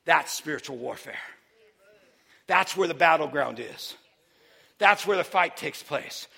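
A man preaching a sermon, moving between quiet teaching and loud, shouted preaching. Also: on the high side, expressive, unhurried, gravelly, breathy edge.

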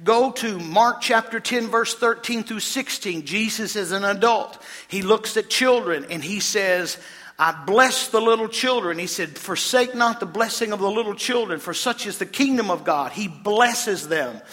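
A man's voice: sits high, normal speed, pushed and bright, big-room sound. A man preaching a sermon as pastor, quizzing the congregation and reading scripture aloud. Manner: preaching, addressing congregation with questions.

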